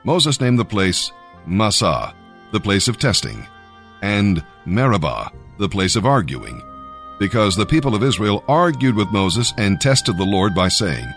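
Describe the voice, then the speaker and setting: A man narrating a scripted devotional Bible reading, measured and emphatic. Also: on the low side, sing-song, fairly bright tone, faint music behind.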